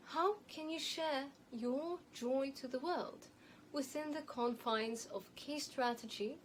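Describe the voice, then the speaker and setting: Speaking to camera as an image and style consultant, a woman delivers a measured, emphatic advice monologue. Her high voice carries a light, elocution-trained non-native accent. The audio is poor, with a little hiss or hum.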